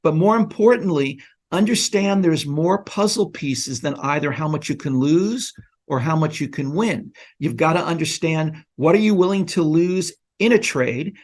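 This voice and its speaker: A man's voice: a little high, animated, normal speed. A man talking earnestly as a guest educator in a casual conversation. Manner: earnest, instructive. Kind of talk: casual chat.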